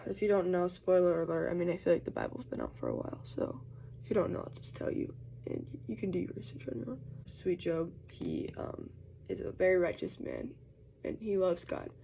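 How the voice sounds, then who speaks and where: A woman's voice: on the low side, creaky, dark tone, a little hiss or hum. A young woman vlogging casually as she gets ready, chatty, saying "like" a lot. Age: young adult. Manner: chatty, uses "like" constantly, acts out quoted voices. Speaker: college student vlogger. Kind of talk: casual get-ready-with-me chat.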